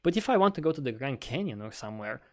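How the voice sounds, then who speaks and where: A man co-hosting a casual podcast conversation, animated and swearing often, with frequent laughs. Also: mid-range voice, quick pace. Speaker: podcast co-host.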